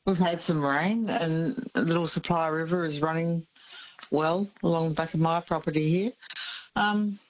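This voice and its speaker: A woman's voice: low voice, fairly even intonation, normal speed, low-quality recording. A woman from Australia calls a radio quiz and answers hesitantly, thinking aloud. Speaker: caller.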